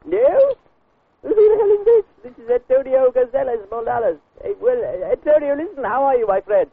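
A man putting on a high, breathy voice as a goofy male prank caller on a phone call. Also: sing-song, normal speed, heavily acted. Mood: teasing. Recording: tinny phone line.

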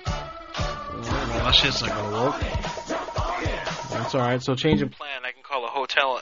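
A man's voice: mid-range voice, measured pace, pauses often, highs cut off, music in the background. A man hosting a prank-call radio show, talking in loose, profane banter and laughing easily.

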